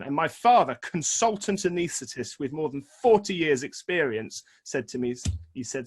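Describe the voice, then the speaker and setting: A man in his forties tells a personal story to an audience on a video call, in a voice pitched a bit higher than most men's. He is self-deprecating and animated, and his voice jumps up sharply when he acts out his own past outbursts. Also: moderate pace. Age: 40s.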